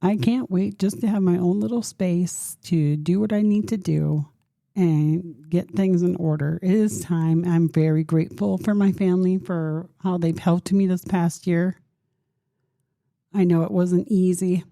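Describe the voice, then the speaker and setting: A woman's voice: on the low side, vocal fry, dark tone, dry recording, clean studio sound. A woman in her fifties hosting a solo podcast, talking in an earnest, open way and encouraging her listeners directly. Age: 50s. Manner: open and emotional, thinking aloud. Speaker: podcast host. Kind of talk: reflective solo podcast talk.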